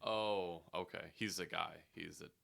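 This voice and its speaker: A man's voice: low voice, fairly even intonation, a little slow, vocal fry, fairly bright tone. A young man hosting a casual gaming podcast in a laid-back, joking way. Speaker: host. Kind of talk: casual chat.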